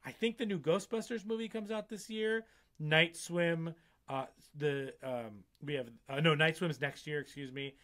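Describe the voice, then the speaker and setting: Man, casual podcast chat, rambling, filler-heavy, slightly high voice. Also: normal speed, a bit bright. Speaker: podcast producer.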